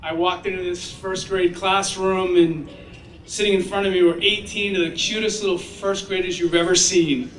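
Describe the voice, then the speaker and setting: A man giving a graduation speech as the guest speaker, telling stories in an animated way and acting out the children's voices. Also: sits high, normal speed. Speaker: commencement speaker. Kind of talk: ceremonial speech with storytelling. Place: graduation ceremony. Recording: echoey sound from far off.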